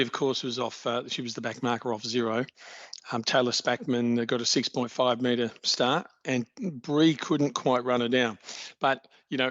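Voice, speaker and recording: A man, answering interview questions in a measured, informative way and praising the athletes. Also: mid-range voice, no room sound. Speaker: athletics league official guest. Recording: dry, dull-sounding podcast audio.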